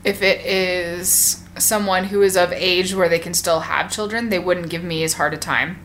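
A woman in her thirties chatting casually, playful and quick to laugh. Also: on the low side, steady tone, fairly bright tone, slight background noise. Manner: giggly, playful, laughs often. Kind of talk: casual chat.

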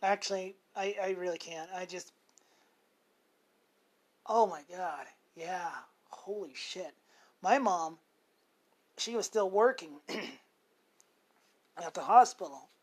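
A man's voice: high-pitched, takes it slowly, pauses often, slightly rough. A man in his forties, hosting an unscripted monologue. He rambles, corrects himself often and swears freely. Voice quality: rambling, with many self-corrections and fillers. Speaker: show host.

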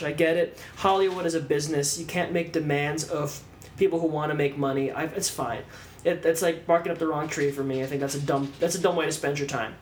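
A man casually ranting about a movie on a podcast, swearing a lot and acting out scenes in mocking voices. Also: fairly high pitch. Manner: animated, swearing, acts out lines in mocking voices. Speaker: podcast co-host. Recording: echoey room with faint background noise.

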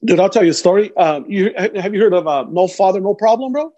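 A young man telling a story on a casual podcast, animated and slangy, always saying "bro". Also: sits high, fast talker. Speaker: podcast guest. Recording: dull lo-fi sound.

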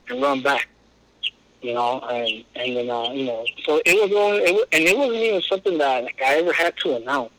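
Bright-voiced man telling a lively story. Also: fairly high pitch, poor audio. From Southern California. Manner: lively storyteller, peppers speech with "man" and "you know". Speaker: high school basketball coach. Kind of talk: casual podcast interview.

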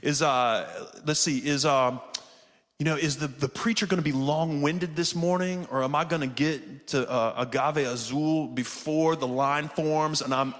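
Speaking a little slowly, the man has a higher, fairly bright voice with a big-room sound. He is a pastor giving a conversational sermon in a church sanctuary that is streamed online, calling on people in the pews and viewers at home to respond.

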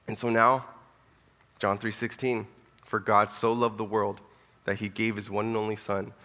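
A man preaching a sermon with passion, pleading and emphatic, dropping to hushed lines between loud ones. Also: on the low side. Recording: long hall reverb.

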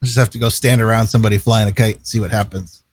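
A man's voice: on the low side, steady tone, fast talker, breathy edge, no echo. A man co-hosting a casual chat show, talking in an easygoing, rambling way and laughing often. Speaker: co-host.

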